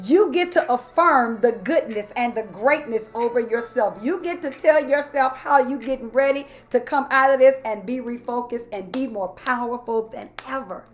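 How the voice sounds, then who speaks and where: A woman's voice: a little high, moderate pace, few pauses. A middle-aged woman pastor talking straight to her viewers in a folksy way, often saying y'all, and building into a rhythmic preaching cadence. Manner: folksy, talks straight to listeners with repeated y'all. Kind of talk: sermon-style live talk to viewers.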